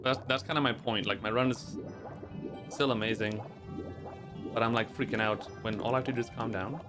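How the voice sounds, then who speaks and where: Over background music, a man narrates his own speedrun live in a medium-pitched, steady voice, speaking briskly. He swears at the game and talks himself through his mistakes in frustration.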